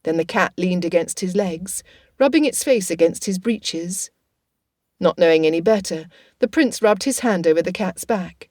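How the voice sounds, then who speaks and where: A woman narrating an audiobook in a steady, even reading. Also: fairly low pitch, moderate pace, no echo, clean studio sound.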